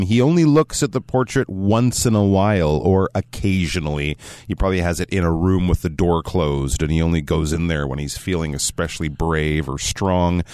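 A man with a low voice that swings widely in pitch, explaining a story passage by passage as an English teacher. The dry studio sound keeps him close and clear. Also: no room sound. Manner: explanatory, animated when acting out quotes. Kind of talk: radio English lesson.

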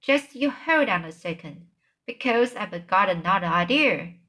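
A woman reading the lines of an excitable, bold little girl in a children's book read aloud. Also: mid-range voice, unhurried. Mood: eager.

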